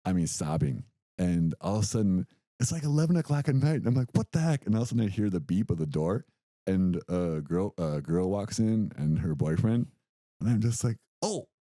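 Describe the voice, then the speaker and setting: Telling a story on the podcast he co-hosts, a young man gets animated and acts out the quotes in casual conversation. His voice sits low and moves a little fast. The recording is dry.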